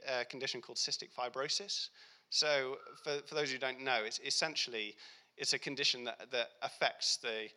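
A young man giving a heartfelt personal faith testimony, speaking earnestly and reflectively with pauses and restarts. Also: medium pitch, pushed and bright, clean tone. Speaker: Christian speaker.

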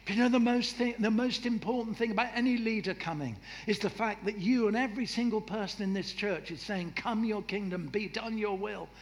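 High-voiced preacher in an echoey hall. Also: male voice, brisk, hardly any pauses. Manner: lively, humorous, acts out voices. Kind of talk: sermon. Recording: echoey hall with faint noise.

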